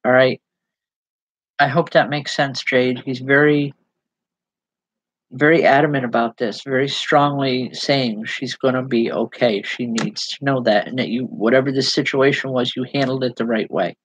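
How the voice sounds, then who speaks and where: A woman giving live spiritual readings as a medium, speaking haltingly with repeated words and a gently reassuring manner. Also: a bass voice, breathy edge, dry recording, rough recording. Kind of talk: live online psychic readings.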